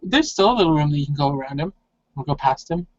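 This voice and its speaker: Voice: medium pitch, expressive, quick pace, a little mellow. A game master narrating scenes and calling for dice rolls in a tabletop role-play game. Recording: dry, dull lo-fi audio.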